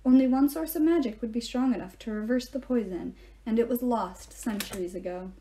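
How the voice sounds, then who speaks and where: A kindly old centaur mentor speaks calmly and gravely, read by a woman. The voice sits a little high yet stays soft and mellow. He sounds weary and fatherly, like a storybook teacher. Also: a little fast, close to an everyday voice. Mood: grave, gentle. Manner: calm, gentle and grave. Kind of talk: reading aloud.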